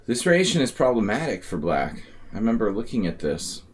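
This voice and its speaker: Low-voiced dude streaming chess, wry rambly asides, grumbles a lot. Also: male voice, very animated, brisk. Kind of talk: live-stream commentary while playing.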